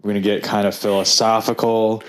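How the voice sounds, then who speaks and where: Speaking fairly quickly in a low, flat voice, this male podcast co-host chats casually. He rambles, often stopping to restart and leaning heavily on filler words.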